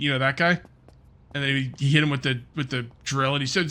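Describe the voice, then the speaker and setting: A man's voice: medium pitch, lively intonation, fairly quick, gravelly, sharp tone. A middle-aged man giving casual, rambling commentary while playing a survival game, thinking aloud and muttering to himself. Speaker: gaming video host.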